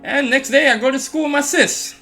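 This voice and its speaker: A man's voice: very high voice, fairly quick, music in the background. A man casually telling a personal story in a storytime vlog, with a lot of "like" and acted-out quotes. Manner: animated retelling, filler-heavy with many "like"s; acts out quoted voices of others.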